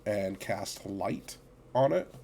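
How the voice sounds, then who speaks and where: Slow-talking male game master. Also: lowish voice, gravelly, a little hiss or hum. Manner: relaxed, slow narration with laughs. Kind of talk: narrating a tabletop game.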